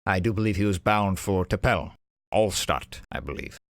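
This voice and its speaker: A man voicing an older male dwarf noble who speaks in a genteel, formal, warmly polite way. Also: low voice, normal speed, no room sound, studio quality. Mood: courteous.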